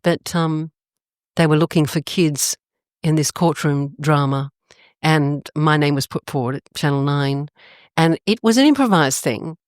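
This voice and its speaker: An older Australian woman telling stories in a casual interview, animated and expressive, her pitch jumping up suddenly. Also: unhurried, no room sound, studio quality. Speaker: guest.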